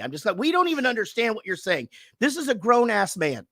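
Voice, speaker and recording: A male podcast host swaps stories in a casual, swear-heavy chat, his pitch jumping all over as he acts out what happened. His voice comes through dry and close, with no room sound. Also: brisk, hardly any pauses, no room sound. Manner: profane, animated storytelling.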